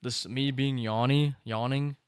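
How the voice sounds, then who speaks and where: A man hosting a live stream, chatting casually and reacting excitedly to the screen and his chat. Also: mid-range voice, unhurried, clean tone, no room sound, clean studio sound. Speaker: streamer host.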